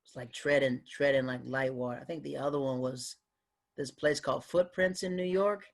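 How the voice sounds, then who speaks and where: Male comic telling road stories, animated, average pitch. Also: moderate pace. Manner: animated, acts out other people's voices. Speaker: guest comedian. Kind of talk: casual storytelling in a podcast interview.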